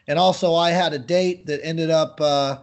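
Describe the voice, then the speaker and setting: A man's voice: on the high side, steady tone, moderate pace. An American man hosting a casual sports podcast, teasing his co-host and joking, with lots of hesitant fillers.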